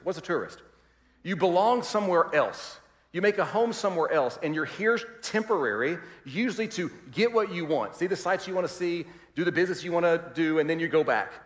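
A male pastor preaching in a lively, animated voice that sits a little high. He acts out the people he quotes and swings from loud to hushed. His voice rings through a large, echoing church hall. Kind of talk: sermon. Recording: roomy hall reverb.

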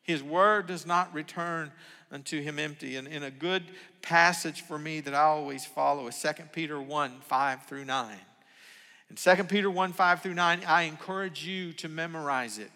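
A man's voice: fairly high pitch, normal speed. Earnest older male pastor in reverberant hall. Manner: earnest, swings from hushed to emphatic. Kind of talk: sermon. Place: church sanctuary.

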